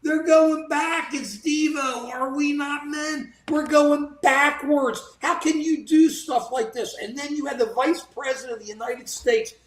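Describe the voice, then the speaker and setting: A co-host of a political livestream, talking in a casual, indignant and animated way, often mimicking politicians in quoted asides. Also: high-pitched, measured pace, few pauses. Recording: echoey room.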